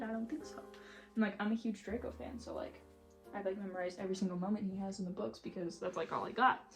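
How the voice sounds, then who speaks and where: A young woman vlogger chatting casually and with strong opinions, filling her talk with "like", while she reorganizes a bookshelf at home. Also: mid-range voice. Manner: chatty, heavy use of "like", opinionated rants. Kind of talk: casual chat. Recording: roomy echo, faint music behind.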